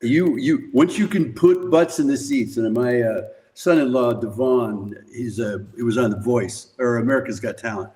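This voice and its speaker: A man's voice: mid-range voice, normal speed, hardly any pauses, dark tone, poor audio. An older man, a podcast guest, telling rambling, profane anecdotes in casual conversation and laughing often. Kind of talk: casual storytelling.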